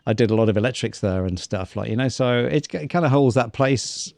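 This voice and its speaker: A man's voice: mid-range voice, brisk, creaky, dry recording. Chatty man telling a story, dry sound. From New Zealand. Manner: animated storyteller acting out quotes; swears casually. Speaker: vlog co-host. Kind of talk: casual storytelling chat.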